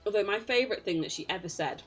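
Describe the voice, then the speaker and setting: A woman's voice: mid-range voice, expressive, fast, breathy edge, faint music behind. Chatty British woman streamer, laughing often. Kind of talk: casual live-stream chat while gaming.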